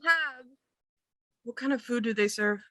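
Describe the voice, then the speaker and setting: Bright, playful woman player. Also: a little high, a little slow, dry recording. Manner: playful, teasing. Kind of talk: casual tabletop play.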